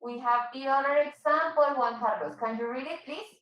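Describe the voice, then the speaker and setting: A patient woman teaching an English class, going over examples and repeating them slowly. Her voice sits high, and the room around her sounds echoey. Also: recorded from a distance, dull audio. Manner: patient, repeats and explains slowly, switches into Spanish. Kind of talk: online English class for Spanish speakers.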